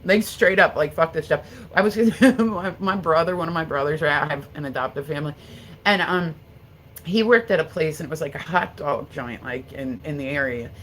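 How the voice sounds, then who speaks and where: Woman, middle-aged, low pitch, casual live-stream talk, rambling, swears a lot. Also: brisk, a little hiss or hum, rough recording. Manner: rambling, profane storytelling; answers viewer comments aloud. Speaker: livestreamer.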